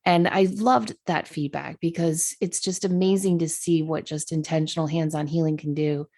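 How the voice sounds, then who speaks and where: A woman's voice: sits low, steady tone, normal speed, darkish tone. A woman co-hosting a podcast who asks curious questions and tells stories from her own practice. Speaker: podcast co-host. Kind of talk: casual spiritual chat.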